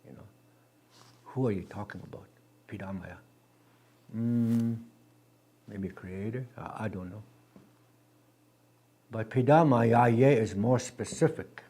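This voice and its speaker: A man teaching a language class, patient and gentle, repeating words slowly with many halting restarts. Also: lowish voice, husky.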